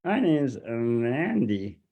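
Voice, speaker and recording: A man putting on the voice of a cheeky young woman with a put-on Australian accent, in a joking falsetto. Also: sing-song, slow pace, creaky, warm tone, exaggerated voice.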